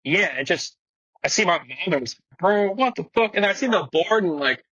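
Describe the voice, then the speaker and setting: Husky high-voiced young guy telling a story. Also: lively intonation, fairly quick, bright, forceful tone, dry recording, highs cut off. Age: young adult. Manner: profane, slangy, acts out quotes. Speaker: guest, pro skateboarder. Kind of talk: animated storytelling with quoted voices. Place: podcast studio.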